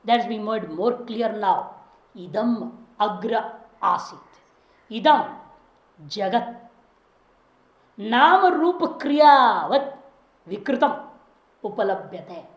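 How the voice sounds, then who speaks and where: A woman's voice: medium pitch, animated, takes it slowly, pauses often, reverberant, poor audio. A woman teaching a scripture class, reciting Sanskrit phrases and explaining them word by word in English. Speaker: Vedanta teacher.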